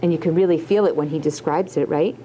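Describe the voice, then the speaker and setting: A woman's voice: low voice, quick pace, dark tone, muffled recording, slight background noise. A woman teacher leading a writing lesson, asking question after question and encouraging her students. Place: classroom.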